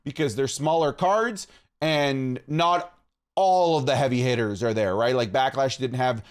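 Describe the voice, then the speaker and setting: A man from Canada co-hosting a podcast, talking in an excitable, animated way and often saying "dude". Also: medium pitch, unhurried, clear, resonant tone. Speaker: podcast co-host. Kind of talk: casual chat.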